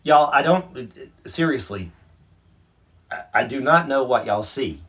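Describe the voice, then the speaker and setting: A man hosts a relaxed livestream and reads out viewer comments one by one. His voice is husky and a little breathy. He talks in a chatty, self-mocking way and laughs easily. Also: mid-range voice, measured pace. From North Carolina, USA. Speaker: livestream host. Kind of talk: casual live chat, reading out viewer comments.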